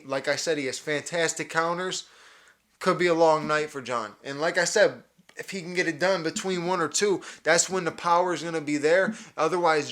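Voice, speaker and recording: A young man hosts his podcast alone, talking through fight predictions with eager energy. His voice sits a little high for a man, and he stumbles into repeats and restarts as his thoughts run ahead. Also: bright, forceful tone. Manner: enthusiastic, repeats words and restarts often. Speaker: podcast host. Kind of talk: solo fight breakdown.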